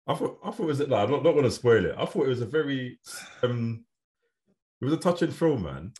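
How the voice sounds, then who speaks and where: A man talking casually about films as a podcast co-host, relaxed and full of slang and fillers. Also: medium pitch, brisk.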